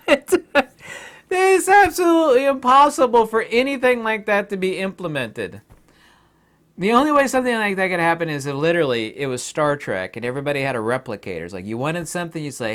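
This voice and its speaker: A YouTube channel host with a high, sing-song, slightly bright voice talks briskly. His casual monologue rambles, full of laughter and acted-out imagined exchanges.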